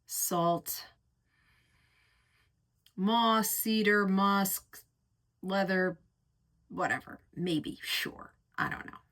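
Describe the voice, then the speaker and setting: A woman's voice: mid-range voice, steady tone, extremely slow, long pauses, a bit bright. A woman reviewing perfumes in a casual, effusive chat, painting vivid pictures and lingering over her words. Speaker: fragrance reviewer.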